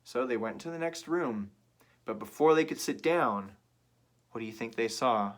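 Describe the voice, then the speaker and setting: A man reading a children's story aloud in a playful, drawn-out way, asking the listener questions. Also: medium pitch, animated.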